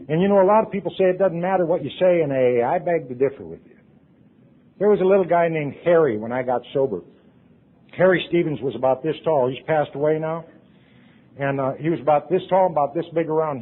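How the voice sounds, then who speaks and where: A middle-aged man giving an earnest personal testimony to a recovery convention audience, swinging from loud to hushed. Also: a little high, animated, fairly quick. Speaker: recovery meeting speaker. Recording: tinny lo-fi tape recording.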